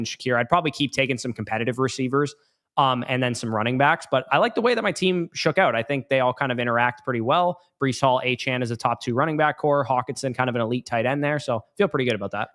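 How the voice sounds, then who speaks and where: A man with a mid-range voice co-hosting a casual podcast. He talks in a relaxed, easy way, teases his co-host and answers the live chat. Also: mid-range voice. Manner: relaxed, teasing, reads chat aloud.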